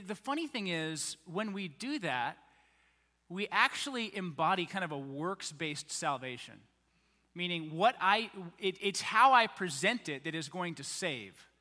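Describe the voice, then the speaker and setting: Bright-voiced preacher in a reverberant hall. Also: male voice, sits high. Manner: conversational preaching, animated mock quotes. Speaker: pastor. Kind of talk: sermon.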